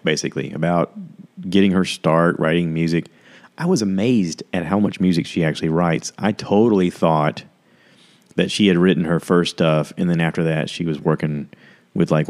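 Deep-voiced rambling podcast host. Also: male voice, a little mellow. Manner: rambling, self-deprecating, full of fillers and asides. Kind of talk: casual rambling review chat.

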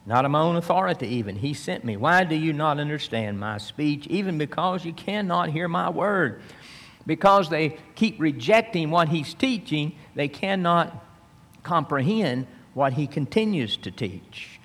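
A man preaching from the Bible, reading verses slowly and then explaining them in plain speech. He rises for emphasis and drops low and soft. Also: animated, big-room sound. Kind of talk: expository Bible teaching.

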